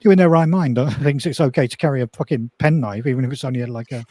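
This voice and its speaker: A man of middle pitch tells lively, profane stories in a relaxed group chat. His voice sounds close and dry, with no room around it. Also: quick pace, dry recording. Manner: animated, swearing storyteller. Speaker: regular chat guest.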